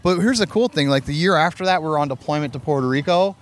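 A man's voice: a little high, fast talker. A man co-hosting a casual chat at a hotel pool, telling rambling, profane service stories. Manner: profane, rambling, animated storyteller. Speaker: podcast co-host, Navy veteran. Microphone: streamed live on a phone or camera.

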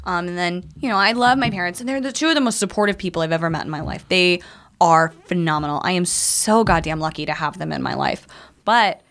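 A woman in her thirties, a military veteran, talking candidly in a podcast conversation, blunt and profane, telling stories with lively acted-out quotes. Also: fairly low pitch, quick pace. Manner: blunt, profane, animated storytelling. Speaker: veteran guest.

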